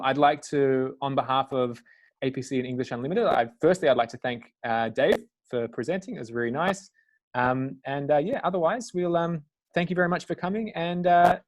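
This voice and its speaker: A man hosting a live online webinar in a relaxed, halting way, with many fillers. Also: mid-range voice. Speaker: webinar host.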